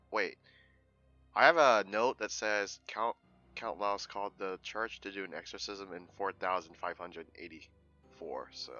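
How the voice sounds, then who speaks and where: A man's voice: fairly low pitch, pushed and bright, highs cut off. A man playing a tabletop game, hesitant and questioning. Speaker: player. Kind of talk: casual tabletop game chat.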